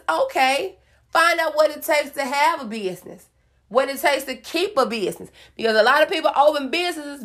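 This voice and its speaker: Woman vlogger, slightly high pitch, sassy preachy pep talk with dramatic pauses. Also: a bit bright. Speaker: motivational vlogger. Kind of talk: casual motivational talk to viewers.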